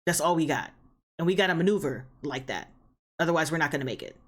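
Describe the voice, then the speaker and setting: A woman with a low-pitched voice talks through a TV episode recap in a casual, chatty way. She tells the story with animated energy, repeating phrases and filling pauses with "um". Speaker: reaction channel host.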